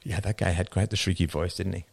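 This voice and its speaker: A man's voice: low voice, steady tone, fast talker, vocal fry, slightly rough, no echo, clean studio sound. A man hosting a show, giving casual commentary and answering chat with rhetorical questions and frequent laughs. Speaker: show host.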